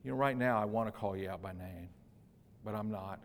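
A man preaching a sermon, moving between quiet, tender stretches and loud, emphatic passages. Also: on the low side, brisk. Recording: long hall reverb.

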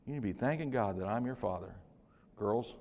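An older man preaching a sermon as pastor in a church, swinging from hushed to loud with joking asides. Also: fairly low pitch, animated, a little fast. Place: church sanctuary. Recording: long reverb of a church hall.

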